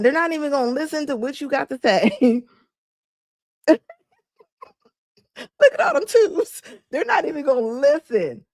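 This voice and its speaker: Animated woman mocking with frequent laughter. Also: high-pitched, no room sound, clean studio sound. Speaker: live-stream commentator. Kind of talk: reaction stream talking to chat.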